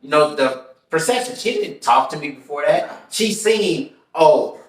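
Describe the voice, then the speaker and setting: A man's voice: fairly high pitch, a little slow, recorded from a distance. A man co-hosting a casual podcast, chiming in with his own take on the story. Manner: relaxed, conversational, chimes in with his own take. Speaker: podcast co-host. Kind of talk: casual chat. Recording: echoey room, off-mic.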